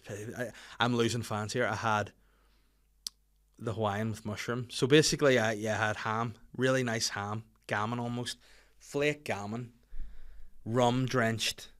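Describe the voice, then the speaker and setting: Ranting Northern Irish podcast host. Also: male voice. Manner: swearing, animated rants that swing loud and high. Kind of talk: casual solo podcast chat.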